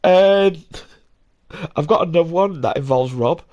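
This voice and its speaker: Sweary, animated man telling stories. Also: fairly high pitch, measured pace, lo-fi sound. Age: young adult. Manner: rambling, sweary, laughs often, acts out voices. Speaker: podcast host. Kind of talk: casual storytelling.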